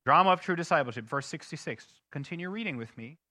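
Animated high-voiced male preacher. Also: quick pace, no room sound, studio quality. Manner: animated preaching, dropping to soft low asides and rising to loud emphatic questions. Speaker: pastor. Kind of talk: sermon. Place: church sanctuary.

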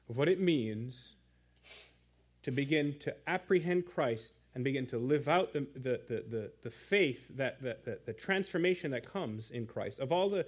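A man preaching a sermon in church, telling a story with animated asides to the congregation. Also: mid-range voice. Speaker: pastor.

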